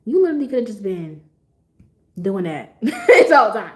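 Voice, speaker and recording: Lively, blunt young woman streamer. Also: medium pitch, moderate pace. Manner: animated, blunt and profane, laughs often. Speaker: livestream host. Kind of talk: casual livestream chat.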